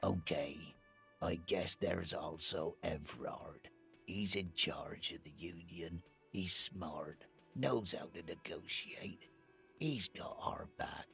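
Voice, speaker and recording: Game dock worker, deep voice, slow drawl, dismissive, faint music. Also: male voice, creaky, sharp tone, exaggerated voice. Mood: blunt. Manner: laconic, dismissive. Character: weary sleepy male union dock worker, evasive. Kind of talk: video game voice acting.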